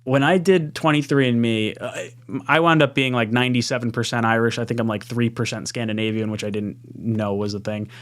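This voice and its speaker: A man's voice: medium pitch, fairly even intonation, a little fast. Easygoing man hosting a podcast. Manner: laughing, easygoing. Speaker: podcast host. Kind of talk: casual chat, reading live chat.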